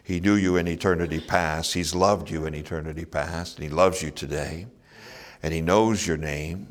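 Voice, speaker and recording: A man's voice: a bass voice, fairly even intonation, moderate pace. A man preaching a sermon, earnest, asking his listeners rhetorical questions and chuckling now and then. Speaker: pastor.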